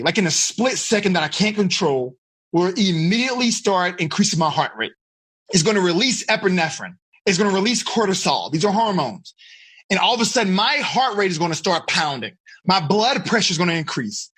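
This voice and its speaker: Man, teen life coach, animated, bright tone, a little husky, video call. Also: high voice. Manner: animated, asks the group questions often.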